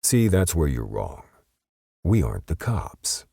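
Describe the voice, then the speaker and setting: A man voicing a ruthless male assassin who snarls his threats flatly, in an audiobook. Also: very deep voice, a little slow, vocal fry, no echo, studio quality, voice pushed up, exaggerated voice. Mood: menacing.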